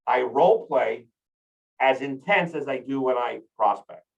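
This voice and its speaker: Energetic man coaching, distant and lo-fi. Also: mid-range voice, measured pace, gravelly. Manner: energetic, rambling, with many restarts. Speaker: real estate coach. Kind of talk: casual training talk.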